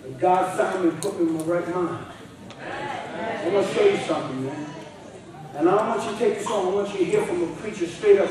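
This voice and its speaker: A man preaching a revival sermon in street slang, often shouting his points. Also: high-pitched. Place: church sanctuary. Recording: echoey hall, distant mic.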